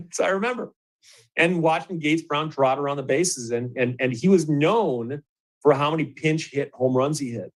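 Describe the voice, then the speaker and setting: A middle-aged man from Michigan with a slightly high voice, hosting and telling a long story. He talks casually and animatedly, chuckles often, and restarts his sentences as the story builds. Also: moderate pace, poor audio. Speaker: host.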